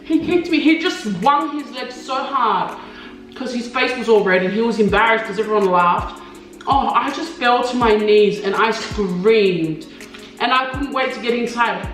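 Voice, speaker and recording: An Australian young woman co-hosting a mukbang recounts a childhood story in relaxed conversation at a normal pace. She's animated, laughs a lot, and performs quoted voices in a high pitch. The room is echoey, she sits far from the mic, and faint music plays.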